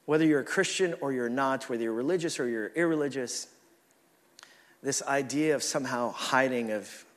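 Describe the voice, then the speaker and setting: A male pastor preaching a sermon, telling stories in an animated, self-deprecating way and laughing often. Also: mid-range voice, normal speed. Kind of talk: sermon with personal storytelling. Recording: reverberant hall.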